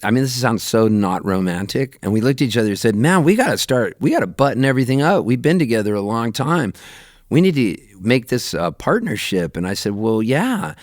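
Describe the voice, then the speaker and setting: Animated storytelling man, dry studio mic. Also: brisk, no room sound. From Canada, raised in Southern California. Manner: lively anecdotes, jumps up high when quoting himself, laughs often. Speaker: touring musician, guest. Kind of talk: animated storytelling in a radio interview.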